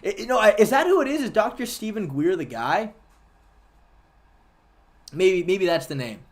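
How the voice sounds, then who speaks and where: A man's voice: high voice, expressive, normal speed. A man hosting a livestream, chatting casually and argumentatively with viewers and swearing freely. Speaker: livestream host.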